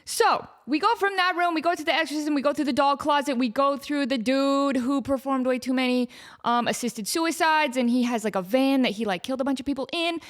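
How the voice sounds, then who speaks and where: A woman podcast host telling a comedic story, self-deprecating and acting out quotes in an animated way. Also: high-pitched, a little fast. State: out of breath.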